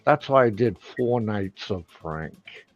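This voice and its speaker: A man hosting a live stream, delivering an angry, profane rant full of loud outbursts. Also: on the low side, expressive, takes it slowly, dry recording, dull audio, faint music behind. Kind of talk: profane ranting monologue.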